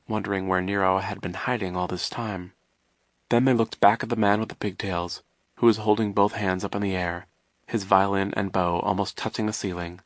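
A man with a lowish voice reads an audiobook in a wry, measured way. The recording is dry and close, with no room sound. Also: no echo. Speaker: narrator. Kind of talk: audiobook narration.

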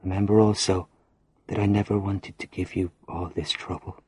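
A man's voice: low voice, level tone, moderate pace, a little mellow, breathy edge, no room sound. A man reading as a resigned condemned prisoner. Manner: grave, resigned. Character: condemned male prisoner writing a farewell letter. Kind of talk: audiobook reading of a letter.

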